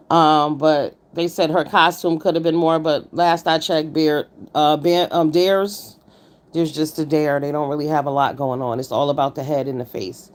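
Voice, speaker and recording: A woman hosting a casual livestream, giving blunt commentary on a contest and greeting viewers by name. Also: low-pitched. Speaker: livestream host reviewing a contest.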